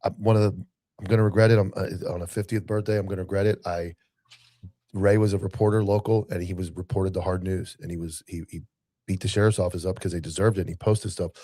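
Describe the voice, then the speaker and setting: A man's voice: sits low, fairly even intonation, fast, warm tone, no echo. A man hosting a podcast, talking in a casual, rambling way with many restarts. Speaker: podcast host. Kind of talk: casual chat.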